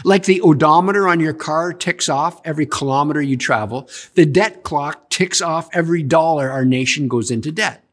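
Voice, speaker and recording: A man preaching a sermon in an animated way, asking his listeners questions as he goes. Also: on the high side, normal speed, few pauses. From Canada. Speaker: pastor.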